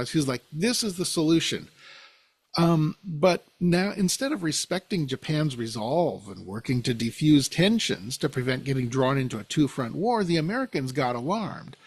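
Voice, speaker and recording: A man's voice: medium pitch, vocal fry, slightly rough, dry recording. Man, podcast host, casual history storytelling, talks through pictures, dry close sound. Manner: conversational, with fillers, pointing out pictures as he goes.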